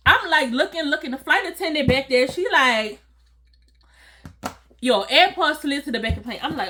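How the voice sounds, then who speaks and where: A woman telling a casual, animated storytime to her viewers, acting out voices and laughing along. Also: high voice, moderate pace, long pauses. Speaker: storytime vlogger.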